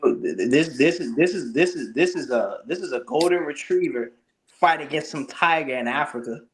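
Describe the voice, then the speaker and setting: Male co-host, higher-pitched, loose and animated in casual sports banter. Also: moderate pace, slight background noise. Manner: animated, mimics voices for laughs. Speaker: show co-host.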